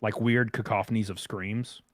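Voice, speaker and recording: A man's voice: lowish voice, moderate pace, dry recording. A young man co-hosting a comedy podcast, telling crude rambling stories in casual chat. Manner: crude, rambling storytelling with lively swings. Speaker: podcast co-host.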